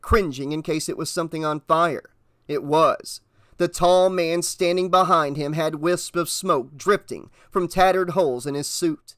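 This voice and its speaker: Steady man reading an audiobook. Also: a little high, dry recording, studio quality. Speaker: audiobook narrator. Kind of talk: audiobook narration.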